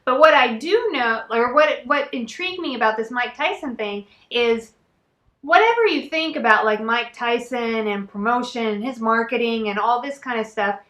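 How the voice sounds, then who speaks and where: A woman co-hosting a casual podcast, setting up topics and putting questions to her partner. Her voice is a touch higher than average and bright and crisp, with a roomy echo around it. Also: normal speed. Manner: conversational, asks questions, sets up topics. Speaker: podcast co-host. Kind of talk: casual chat.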